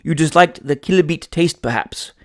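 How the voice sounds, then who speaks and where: A man's voice: fairly high pitch, moderate pace, close to an everyday voice. A man voicing a pompous, condescending footman who speaks in an affected, world-weary way in a storybook reading.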